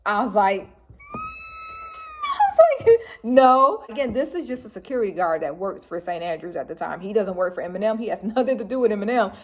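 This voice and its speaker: A woman in her forties from Detroit telling a personal story to camera in a casual, animated way, laughing and breaking into shrieks as she relives it. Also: mid-range voice. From Detroit, Michigan, US. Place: home room with laundry behind.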